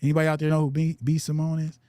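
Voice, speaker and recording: A man's voice: a little high, completely flat delivery, racing, mellow, dry recording, studio quality. A man hosting a podcast in casual chat, loose and full of fillers, often checking in with "right?". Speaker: podcast host.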